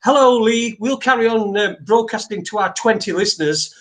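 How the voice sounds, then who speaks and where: A man's voice: sits high, normal speed, a bit bright. A man, co-hosting a casual home podcast, rambling and swearing freely. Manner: sweary, rambling, laughs a lot. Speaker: podcast co-host. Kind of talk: casual chat. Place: living room at home.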